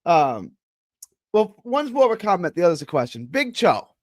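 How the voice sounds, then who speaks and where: A man ranting on a casual sports talk show, plainly exasperated and stumbling over restarts. His voice sits high and swings widely up and down. The sound is close and dry, with no room in it. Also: sing-song, moderate pace, dry recording.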